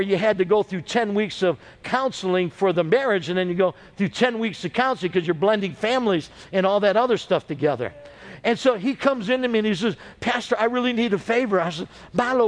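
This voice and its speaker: A man with a notably high voice preaches a sermon as pastor, weaving long anecdotes together. He keeps turning to the congregation with calls for an amen, and his delivery is loose and conversational. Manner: storytelling preacher with call-and-response.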